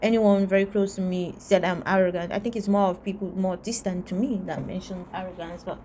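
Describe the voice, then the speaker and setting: Woman, vlogger, average pitch, blunt and emphatic rant to camera, hammers her points home. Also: fairly even intonation, brisk, mellow, slight background noise. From Antigua.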